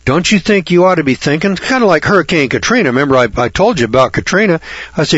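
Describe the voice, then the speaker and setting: A man's voice: a little high, sing-song, brisk, fairly bright tone, husky, no room sound. A man giving blunt, scornful Bible commentary in a hectoring manner, stumbling into restarts as he goes. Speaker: Bible teacher. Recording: dull, lo-fi dry recording.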